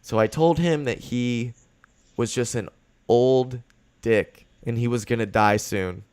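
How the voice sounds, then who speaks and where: A man's voice: mid-range voice, slow, darkish tone, clean tone. A young man hosting a podcast, telling a road-rage story in casual chat, swearing often and getting worked up. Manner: profane, fired-up storytelling. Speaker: podcast host.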